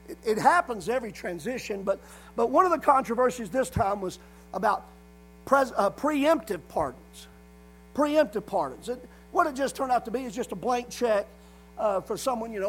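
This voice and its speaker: A man preaching a sermon, reading scripture slowly and with emphasis. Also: high-pitched, low-quality recording.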